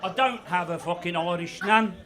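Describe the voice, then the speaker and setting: A man's voice: sits high, moderate pace. Brummie man in his sixties, stand-up. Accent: Birmingham. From Birmingham, England. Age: 60s. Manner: dry, swearing, self-mocking. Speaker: stand-up comedian. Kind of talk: stand-up comedy set. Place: comedy club stage. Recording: live club mic with crowd noise.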